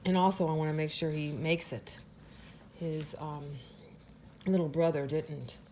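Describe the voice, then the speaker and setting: A woman's voice: steady tone, measured pace, darkish tone, a little hiss or hum. A woman dog breeder giving an earnest, emotional home update on her puppies. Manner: earnest and emotional, talks to the puppies in a high sing-song. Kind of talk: casual update to camera.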